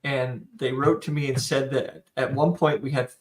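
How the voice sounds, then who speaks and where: An easygoing man with a middle-pitched voice, chatting on a podcast. He teases his co-host in a relaxed, friendly way. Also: moderate pace. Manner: teasing, easygoing. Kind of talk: casual chat.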